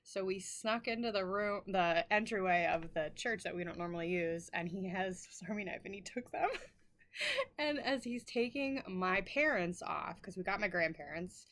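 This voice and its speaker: A woman's voice: mid-range voice, expressive, moderate pace, a bit bright. A middle-aged woman chatting to camera as a vlog host, rambling, apologizing and laughing often, emotional and close to tears. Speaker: flosstube host. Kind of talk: casual chat to camera.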